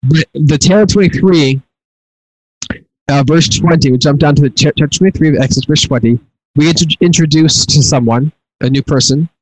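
Earnest and somewhat fast, a middle-aged Bible teacher with a slightly high voice works through the Torah, repeatedly restarting and repeating his words. The recording quality is poor.

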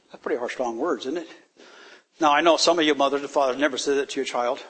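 A man teaching a sermon on scripture, with an emphatic, drawn-out delivery that rises to sudden loud peaks. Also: on the high side. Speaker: Bible teacher.

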